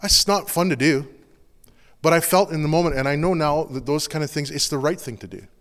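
A pastor giving an earnest, confessional sermon in a loose, conversational way, full of casual fillers. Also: male voice, on the high side, brisk, fairly bright tone, big-room sound.

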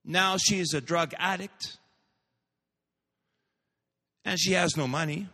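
A man's voice: sits high, slow, pushed and bright, big-room sound. A male pastor preaching a sermon, telling a story and building to fervent proclamations.

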